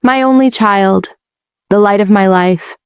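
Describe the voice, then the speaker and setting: A woman's voice: mid-range voice, measured pace, clear, resonant tone, no echo, clean studio sound, natural voice. A woman voicing a middle-aged mother of the bride, giving a sweet, tearful wedding speech. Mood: tender, sentimental.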